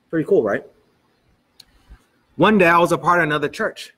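A man's voice: a little high, normal speed. A male pastor preaching a sermon in a church, telling stories and acting out what people said. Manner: animated storytelling, quoting people in dialogue.

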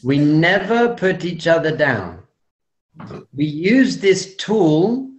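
A man's voice: on the high side, sing-song, muffled recording. Man giving a jokey, emphatic talk. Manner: jokey, emphatic repetition, teasing pauses. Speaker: guest speaker, rabbi. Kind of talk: humorous talk to an audience.

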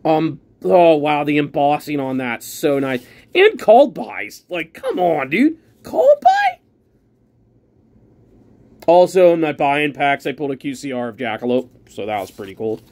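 A man giving casual commentary while opening trading card packs, chatty and excitable, thinking aloud as he sorts his pulls. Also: fairly high pitch, moderate pace, few pauses.

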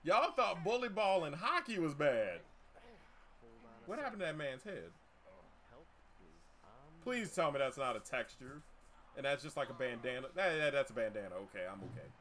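A man's voice: on the high side, sing-song, moderate pace, long pauses, fairly bright tone. A man streaming live gameplay, trash-talking the game in a boastful, profane way.

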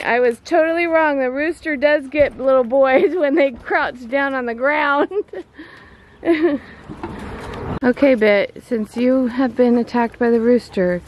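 A mother vlogging outdoors by her chicken yard, chatting playfully with her son and laughing often. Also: high-pitched. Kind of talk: casual vlog chat with her son. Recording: faint outdoor background noise.

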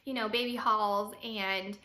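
A young woman talking straight to camera in a casual vlog, chatty and excitable, with lots of ums and you knows. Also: medium pitch, measured pace. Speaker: fitness vlogger.

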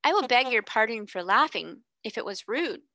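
A proud, composed young girl from a storybook, voiced by a woman reader. She talks grandly and politely in a light, bright tone. The sound is dry. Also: on the high side, lively intonation, normal speed, dry recording. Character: proud, calm young girl who feels like a princess. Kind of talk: storybook reading.

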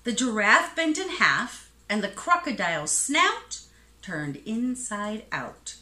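A woman reading a children's picture book aloud in an expressive, sing-song rhyming way. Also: fairly high pitch, slow. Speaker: storybook reader. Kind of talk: children's storybook read-aloud. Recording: echoey room.

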